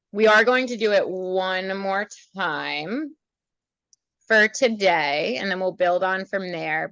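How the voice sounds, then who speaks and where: A woman riding instructor teaching a student in a chatty, animated way, then leading a guided meditation. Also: on the low side, no room sound, lo-fi sound. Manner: chatty, animated, acts out horse thoughts. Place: outdoors at a horse trailer.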